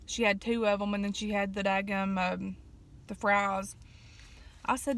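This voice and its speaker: A woman, chatting casually and telling family stories in an eat-with-me vlog, folksy, with fillers and throat clearing. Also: mid-range voice, little pitch movement, moderate pace, fairly bright tone, no room sound. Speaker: vlogger.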